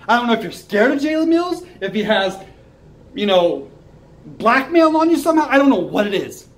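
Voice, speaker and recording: A young man with a notably high-pitched voice delivers a heated fan rant. He swears freely and circles back to his points with mounting frustration. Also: sing-song, a little fast, poor audio. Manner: angry, profane ranting. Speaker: sports fan commentator. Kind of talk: ranting fan commentary.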